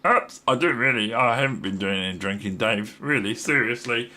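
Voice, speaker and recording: A man with a New Zealand accent voicing a chirpy, playful male toy penguin in a squeaky voice that repeats itself quickly. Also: lively intonation, sharp tone. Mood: sheepish. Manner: squeaky, repeats "yeah" rapidly, giggly.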